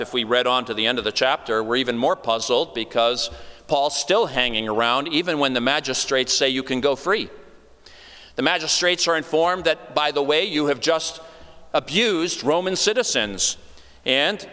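A man's voice: on the high side, sharp tone. A man preaching an expository sermon in a conversational way, with wry asides. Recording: long reverb of a large hall.

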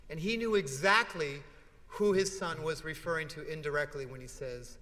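Man, pastor, sermon, higher voice, hushed dramatic drops, long church reverb. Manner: heartfelt storytelling, with dramatic pauses and hushed drops.

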